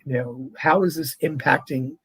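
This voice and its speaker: A man who is a priest, talking in a casual interview and telling stories in a chatty, animated way. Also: medium pitch, moderate pace, slightly rough, poor audio. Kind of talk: conversational interview.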